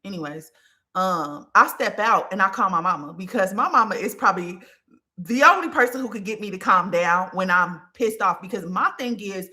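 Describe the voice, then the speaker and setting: A woman hosting a podcast, telling a personal story in a candid, profane, animated way. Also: medium pitch, moderate pace. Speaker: podcast host. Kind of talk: casual storytelling monologue.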